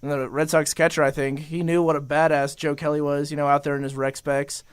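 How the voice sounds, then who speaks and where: A young man co-hosting a casual sports podcast, his voice smooth and clear and sitting a little high. He rambles through his points, padding them with easygoing filler. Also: little pitch movement, brisk. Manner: rambling with many you-knows. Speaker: podcast co-host.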